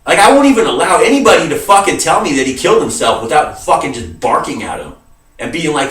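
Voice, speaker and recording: A man's voice: fairly high pitch, very animated, quick pace, fairly bright tone, far from the mic. Swearing, agitated man in a roomy space. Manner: heavy swearing, emphatic, calls viewers dude. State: grieving and agitated. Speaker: vlogger. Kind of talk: emotional rant to camera. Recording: roomy sound from away from the mic.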